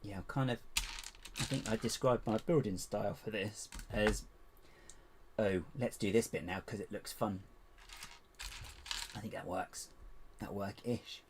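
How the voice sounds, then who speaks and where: Chatty man muttering while he builds. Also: lowish voice. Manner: chatty, muttering to himself, self-mocking asides. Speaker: livestream host building toy bricks. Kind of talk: casual live-stream commentary while building. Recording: steady background hiss and keyboard noise.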